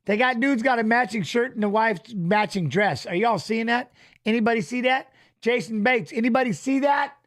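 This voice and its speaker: Hosting a casual live fight watch-along, a high-voiced man rambles at a normal speed, his tone a bit bright. He chats with viewers, reads fighter stats aloud, and keeps dropping "you know what I mean."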